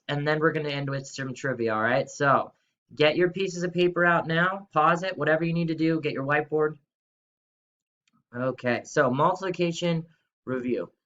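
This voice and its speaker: A man's voice: fairly high pitch, pushed and bright, lo-fi sound. A young man teaching a video lesson to schoolchildren in an upbeat, chatty way, talking straight to the kids. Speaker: third-grade teacher.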